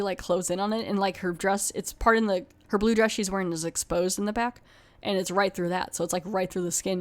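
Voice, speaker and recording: A woman hosting a podcast, chattily retelling a television episode with many fillers like "you know". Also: medium pitch. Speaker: podcast host. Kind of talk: casual plot retelling.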